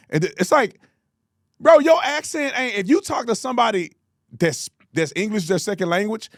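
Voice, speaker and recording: A man hosting political commentary, talking in a blunt, mocking, animated way. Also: high-pitched, dry recording, studio quality. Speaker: host.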